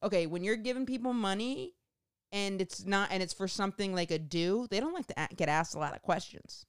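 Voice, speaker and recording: A woman telling a rambling, profane comic story in a casual monologue, going off on animated tangents. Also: medium pitch, brisk, clear, resonant tone, dry recording, studio quality.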